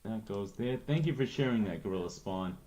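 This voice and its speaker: A man's voice: on the low side, expressive, a little fast, dark tone. A man chatting casually on a late-night livestream, rambling and reading aloud to his viewers. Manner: rambling, reads aloud with laughs.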